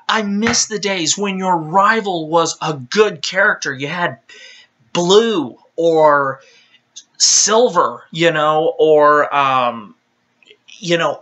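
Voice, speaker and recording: A man's voice: fairly high pitch, pushed and bright. A man giving a casual ranting video game review, exasperated and often stammering as he restarts his sentences.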